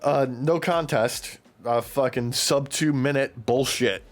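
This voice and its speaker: A man co-hosting a wrestling podcast in casual chat, ranting with heavy profanity and animated outbursts. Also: medium pitch, slow pace. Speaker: podcast co-host.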